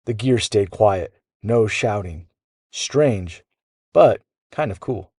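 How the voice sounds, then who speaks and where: Low-voiced man telling a bedtime story. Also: animated, takes it slowly, a little mellow, slightly rough, no room sound, studio quality. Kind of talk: children's bedtime story narration.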